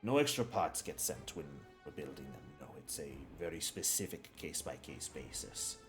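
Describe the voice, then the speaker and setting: A man voicing a cagey adult male alchemist business owner who speaks in a measured, hedging, matter-of-fact way. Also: rumbling low, sing-song, over music, voice pushed down. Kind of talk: in-character role-play.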